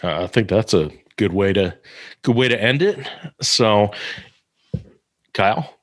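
A man's voice: on the low side, lively intonation, measured pace, no room sound, studio quality. A man co-hosting a podcast interview, friendly and a little rambling, with plenty of fillers. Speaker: podcast co-host. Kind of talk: casual interview talk.

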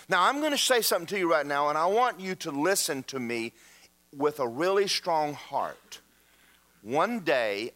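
A man preaching a sermon in a church, telling stories and acting out the people in them. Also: medium pitch. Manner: animated storytelling, acts out quoted voices. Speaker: pastor.

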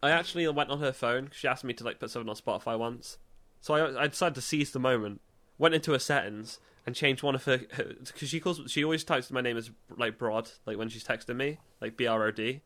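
A young man, co-hosting a podcast in casual chat, full of stammered restarts and quick laughs. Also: mid-range voice, fairly bright tone. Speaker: podcast co-host.

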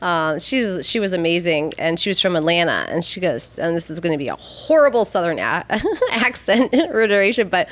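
Fast-talking woman hosting a podcast. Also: lowish voice, animated. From northern United States. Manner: fast-talking, frequent affirming interjections. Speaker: podcast host. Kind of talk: casual conversational interview.

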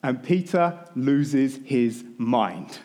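A man, a pastor, giving a sermon, telling a story in a relaxed, conversational way. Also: medium pitch, very slow.

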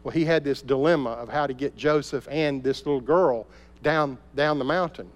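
A man preaching a sermon as a pastor, telling a story and dropping to soft, intense tones at key moments. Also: mid-range voice, normal speed. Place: church sanctuary. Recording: long reverb of a large hall.

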